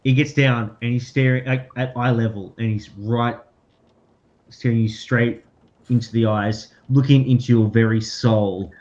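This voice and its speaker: A man's voice: medium pitch, steady tone, a little slow, a little mellow, lo-fi sound. A man running a tabletop game as game master, narrating casually with many fillers and frequent laughs.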